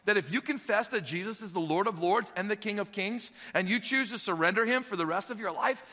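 A man preaching a sermon, telling the story with animated energy and acting out the dialogue. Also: high-pitched. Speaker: pastor. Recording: long hall reverb.

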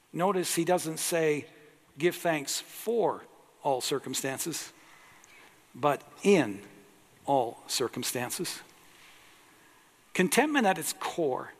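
A man's voice: fairly high pitch, a bit bright. A man preaching a sermon as pastor, earnest and emphatic, drawing out his key words. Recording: long echo of a large hall.

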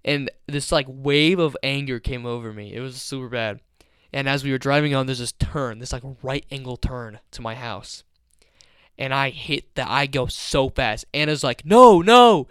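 A man's voice: mid-range voice, steady tone, moderate pace, fairly bright tone, smooth, no room sound, clean studio sound. A young man co-hosting a podcast, telling rambling stories in casual chat and swearing freely. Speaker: podcast co-host.

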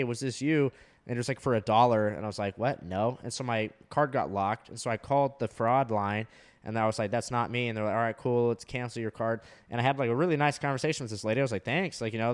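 A man's voice: medium pitch, smooth. A young man telling a story in casual chat, swearing often and full of fillers. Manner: animated storytelling, heavy swearing, many fillers.

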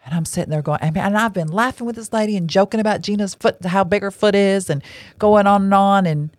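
A woman's voice: mid-range voice, fast, no echo, studio quality. A middle-aged woman, telling a personal story in a chatty, rambling way and laughing easily. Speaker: ministry leader and podcast host. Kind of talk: casual storytelling talk.

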